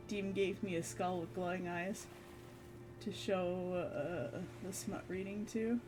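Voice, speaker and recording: A woman streamer chatting casually, rambling and laughing often between phrases. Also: on the low side. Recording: background music under voice. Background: background music.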